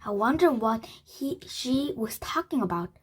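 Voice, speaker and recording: Gentle young girl, read by a woman. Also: a little high, animated, a little slow, breathy edge. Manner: gentle, coaxing. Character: cheerful young girl adventurer.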